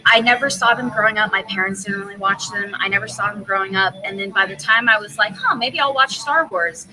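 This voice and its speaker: A young woman comedian chatting casually as a podcast guest, animated and quick to laugh, swearing freely. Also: mid-range voice, over music, low-quality recording.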